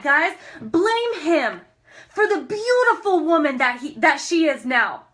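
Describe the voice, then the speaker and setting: A young woman from Montana giving an energetic motivational talk on a live stream, laughing often and calling out to her viewers. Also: very high voice. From Montana, USA. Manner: enthusiastic, laughs often, talks to viewers as guys.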